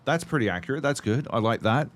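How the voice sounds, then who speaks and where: A man's voice: mid-range voice, animated, fast. A man co-hosting a podcast, chatting casually about games while swearing constantly and rambling through stories. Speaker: podcast co-host. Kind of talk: casual gaming chat.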